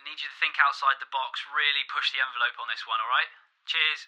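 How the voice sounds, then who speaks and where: A man's voice: mid-range voice, steady tone, fast talker, noisy background. An actor playing a chummy male producer leaving a vague, breezy voicemail over a phone line.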